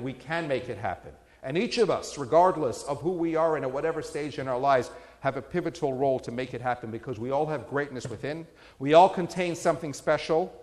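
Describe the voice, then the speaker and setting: A man's voice: mid-range voice, big-room sound. A man, a rabbi, giving a sermon with jokes and stories that rise to emphatic peaks. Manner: storytelling with humor, rising to emphatic peaks.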